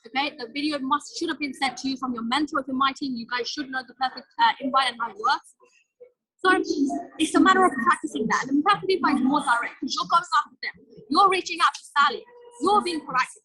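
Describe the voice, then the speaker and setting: Woman coaching a sales team, talks super fast and direct, dry close sound. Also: sits high, pushed and bright, no room sound, rough recording. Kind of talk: motivational training talk.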